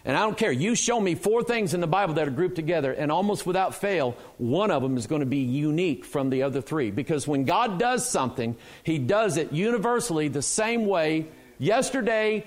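High-voiced preacher asking questions. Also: male voice. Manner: emphatic, asks the congregation questions. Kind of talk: sermon. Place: church.

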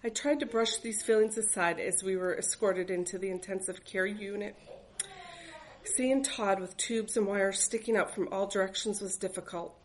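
A woman's voice: mid-range voice, fairly even intonation, normal speed, rough recording. A woman reading aloud from her own memoir as a mother, in an earnest, reflective voice. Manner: earnest, reflective, faith-filled.

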